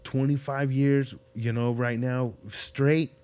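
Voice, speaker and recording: A man's voice: medium pitch, level tone, slow pace, a little mellow, clear, resonant tone. Slangy, swearing podcast host man. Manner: slangy, profane storytelling with lots of fillers. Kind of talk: casual chat.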